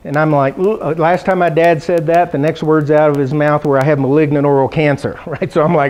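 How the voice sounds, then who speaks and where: A middle-aged man gives a funny keynote address to a conference audience. He tells his stories with lively energy and slips into the voices of the people he quotes. His voice sits a little on the high side. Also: moderate pace, low-quality recording. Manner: animated storytelling, acts out quoted voices. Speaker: keynote speaker. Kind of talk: humorous keynote speech. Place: conference hall.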